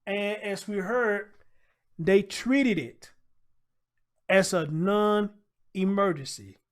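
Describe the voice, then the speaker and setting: A man's voice: high-pitched, drawn-out words. A man hosting his own show, reading a crime story aloud and reacting in loose, emphatic, swearing casual talk.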